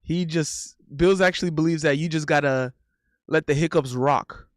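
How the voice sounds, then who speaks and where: A man chats casually on a live stream, reading messages and joking as he goes. His voice sits a bit high and comes through smooth and crisp. The sound is dry and close to the mic. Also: normal speed, no room sound. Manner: loose and joking, laughs often, repeats himself.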